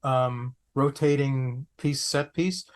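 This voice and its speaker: A man, an actor guest on a podcast, telling anecdotes in an animated way, repeating phrases for comic effect. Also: medium pitch, slow pace. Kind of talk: anecdotal storytelling.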